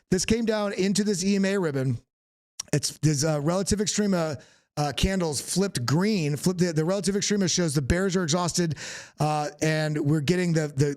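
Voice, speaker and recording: A man's voice: fairly high pitch, a little mellow. A man from the Southern United States hosting a live stream, talking casually through market charts and often restarting his sentences. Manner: casual, thinking aloud with frequent restarts. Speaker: host. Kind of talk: live technical chart analysis.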